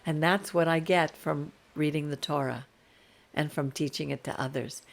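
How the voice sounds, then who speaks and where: A woman's voice: low voice, fairly even intonation, moderate pace, creaky. A woman hosting an informal Torah class over a video call, speaking in an earnest, encouraging, preaching way.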